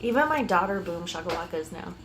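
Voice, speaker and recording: A woman's voice: lowish voice, lively intonation, fairly quick, noisy background. Chatty woman telling stories. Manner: chatty storyteller who acts out others' lines. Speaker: podcast co-host. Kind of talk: casual chat and storytelling.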